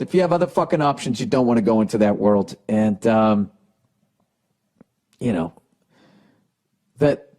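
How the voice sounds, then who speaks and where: A man's voice: mid-range voice, warm tone. Man, Boston accent, podcast host, profane, sarcastic, blunt advice, casual rant, hiccups. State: has the hiccups. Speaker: podcast host reading listener letters.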